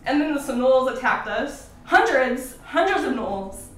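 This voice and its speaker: A woman's voice: high voice, expressive, unhurried, fairly bright tone. A woman recapping a tabletop game session as a player, playful and giggly, acting out what others said. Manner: giggly, playful storyteller, acts out quotes. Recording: very echoey, distant mic, faint noise.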